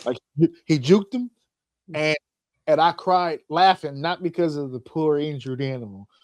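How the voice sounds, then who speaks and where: A man's voice: a little high, normal speed, no room sound. Podcast host, male, casual comic banter, acts out voices, dry close recording. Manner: animated storyteller, acts out voices, laughs often. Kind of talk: casual comedic chat.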